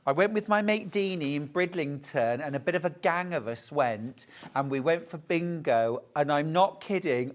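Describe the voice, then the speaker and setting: A man presenting fabrics on a live sewing shopping show, chatty and enthusiastic, gushing over every print. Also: a little high. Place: television studio.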